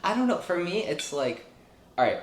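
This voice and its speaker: A man's voice: high voice, sing-song, normal speed. A young man co-hosting a podcast in his apartment, chatting casually and self-deprecatingly with many fillers. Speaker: podcast co-host. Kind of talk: casual chat. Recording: echoey apartment room.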